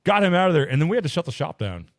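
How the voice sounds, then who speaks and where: A man's voice: fairly high pitch, sing-song, racing, no room sound, clean studio sound. A man co-hosting a podcast in casual chat, swearing a lot and acting out quotes as he tells stories. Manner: profane storyteller, acts out quotes. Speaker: podcast co-host.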